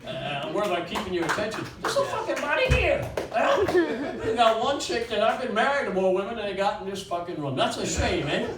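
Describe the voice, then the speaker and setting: A man's voice: sits high, very animated, fairly quick, noisy background. Rambling older man doing crude stand-up. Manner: rambling, crude, jumping between one-liners. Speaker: stand-up comedian. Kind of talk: stand-up comedy at an open mic. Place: small bakery venue with few people. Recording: roomy echo from a distant mic, faint ambience.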